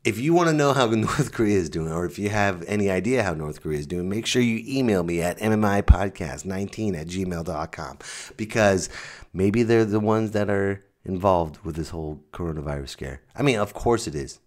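A man hosting his own comedy podcast, ranting sarcastically, swinging from mutters to loud outbursts. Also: sits low, lively intonation, fairly quick. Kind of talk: stand-up style podcast rant.

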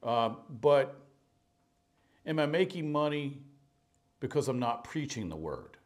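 A middle-aged man preaching a sermon, telling stories in an animated way, swinging between loud and hushed. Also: medium pitch, slow. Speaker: pastor. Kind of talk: storytelling sermon.

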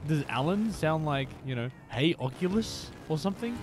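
A man's voice: a little high, animated, moderate pace, background noise. A man streaming a motorbike game, chatting playfully with viewers and dropping into whispers now and then. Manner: playful, teasing chat with viewers, drops into whispers. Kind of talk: casual live-stream chat.

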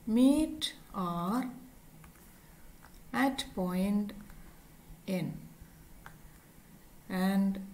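Over poor audio, a woman's warm, medium-pitched voice delivers a slow physics lecture. She explains a derivation step by step, spelling out each term and symbol as she goes.

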